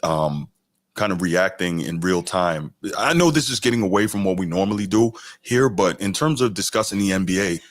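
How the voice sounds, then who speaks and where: Podcast host, male, low voice, casual reaction commentary, animated, climbs into excited highs. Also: moderate pace, dry recording. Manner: animated and exasperated, voice rising sharply when ranting.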